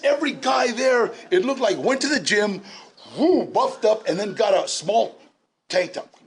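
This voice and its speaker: A man in his sixties telling his story at a recovery meeting, animated and laughing, with shouted bursts. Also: sits high, unhurried. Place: large indoor meeting room.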